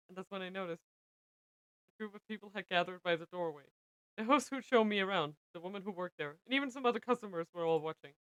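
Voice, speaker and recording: A young woman streaming, reading a visual novel aloud with expressive narration. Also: medium pitch, fast talker, clean tone, dry recording, rough recording. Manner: expressive narration, breaks into laughter.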